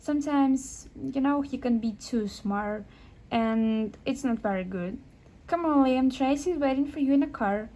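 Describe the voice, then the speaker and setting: Polite young mom, a woman voicing her, high voice, slow and a bit hesitant, toy sketch. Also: mellow. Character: young single mother, polite and modest. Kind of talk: amateur toy sketch voice acting.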